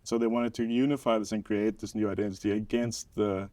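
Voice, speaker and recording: South African man, low voice, dry sound, young adult, relaxed explainer, lots of fillers. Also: fairly quick, dry recording. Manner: explanatory, hedging with many "like"s, laughs easily. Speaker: guest documentary maker. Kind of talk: casual podcast chat.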